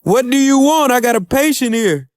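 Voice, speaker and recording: A man voicing a loud, cranky old woman doctor who snaps and yells at her patients. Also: very high-pitched, normal speed, clear, resonant tone, no room sound, studio quality, voice pushed up. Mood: yelling. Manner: shouting, brash and snappy.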